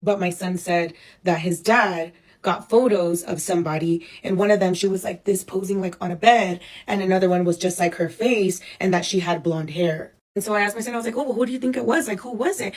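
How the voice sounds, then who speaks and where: A woman in her thirties telling a personal story for a casual storytime vlog, animated and profane, acting out the people she quotes. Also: on the low side, a little fast, few pauses. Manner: animated, profane, dramatic retelling with acted-out quotes. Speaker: storyteller recounting her own life.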